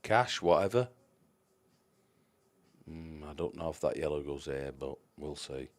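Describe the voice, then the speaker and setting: A man's voice: very deep voice, animated, a little slow. A man giving chatty live-stream commentary on a pool match, greeting viewers by name and trailing off into mumbled asides.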